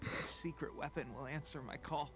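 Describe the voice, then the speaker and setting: A man's voice: fairly high pitch, fairly even intonation, over music, close to an everyday voice. A man voicing a weak, coughing young soldier. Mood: weary. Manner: earnest, halting. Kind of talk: video game voice acting.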